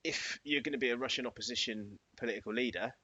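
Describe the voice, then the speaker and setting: A man's voice: mid-range voice, fast talker, sharp tone, breathy edge, dry recording. A man co-hosting a podcast in casual comedic banter, rambling through stories and chuckling often. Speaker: podcast co-host. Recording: dry, muffled lo-fi recording.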